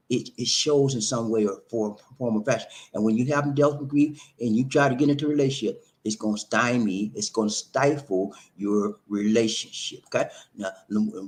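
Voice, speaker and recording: A man giving casual, preachy relationship advice, repeating himself and often calling the listener "man". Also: medium pitch. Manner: animated, repetitive, preachy, says "man" often. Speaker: relationship talk host. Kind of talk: casual monologue to camera.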